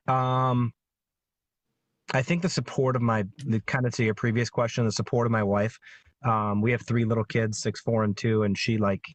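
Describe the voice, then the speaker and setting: A man's voice: lowish voice, no echo. A man in his thirties, a guest medium, speaking earnestly in a casual interview chat with many fillers.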